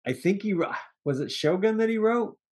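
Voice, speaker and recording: Rambling male podcast co-host, slightly high. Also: a little fast. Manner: rambling, animated, swears casually. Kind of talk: casual movie review chat.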